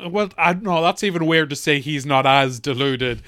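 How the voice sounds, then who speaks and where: A man's voice: on the high side, moderate pace, fairly bright tone, no room sound, studio quality. A man with an Irish accent, co-hosting a casual podcast recap, sardonic and fond of mocking impressions. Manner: sardonic, does mocking character voices. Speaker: podcast co-host.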